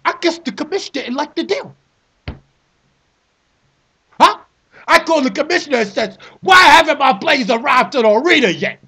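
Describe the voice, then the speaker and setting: High, lively man ranting theatrically. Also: moderate pace, pauses often. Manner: theatrical, repeats phrases, shouts in bursts. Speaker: vlogger ranting about a fantasy football trade. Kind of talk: animated comic rant.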